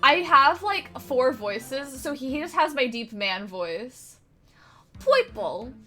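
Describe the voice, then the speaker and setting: A playful woman streamer chatting with her viewers in a giggly, casual way. Her voice is bright and a little high, with a very animated pitch. Faint game music plays underneath. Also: slow. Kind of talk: casual gaming stream chat.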